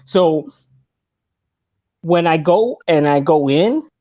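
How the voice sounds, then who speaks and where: A man's voice: a little high, lively intonation, takes it slowly, lo-fi sound. A man hosting a live podcast, talking loosely with frequent swearing and stumbling over his words. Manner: loose, swears often, self-consciously stumbling. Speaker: podcast host. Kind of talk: casual live-stream podcast chat.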